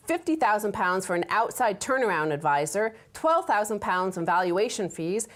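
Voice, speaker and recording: Woman co-host with a measured delivery. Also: medium pitch. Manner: measured, reads figures steadily. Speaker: talk show co-host. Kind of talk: political news commentary.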